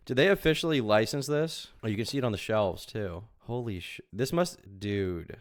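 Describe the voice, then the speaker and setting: A man streaming commentary on a podcast, ranting in an exasperated, sarcastic way with sudden loud outbursts. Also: lowish voice, animated, normal speed, hardly any pauses.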